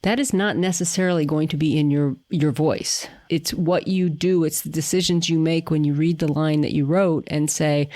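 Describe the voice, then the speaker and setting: A woman's voice: deep voice, steady tone, moderate pace, hardly any pauses, mellow. A woman writer in a casual podcast discussion, talking in a thoughtful way and explaining her ideas at length.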